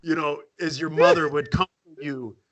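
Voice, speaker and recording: A man with a voice on the high side, speaking at normal speed, tells a long story as a guest in a casual podcast chat. He's animated, acting out what people said and laughing along the way.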